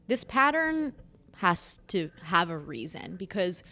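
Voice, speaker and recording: A woman's voice: fairly low pitch, big pitch swings, slow pace, pushed and bright. A young adult woman co-hosting a casual podcast chat, blunt and swearing freely. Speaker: podcast co-host.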